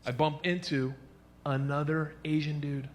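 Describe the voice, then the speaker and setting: A man doing a stand-up comedy routine, loud and animated, jumping into silly voices. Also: a little high, unhurried.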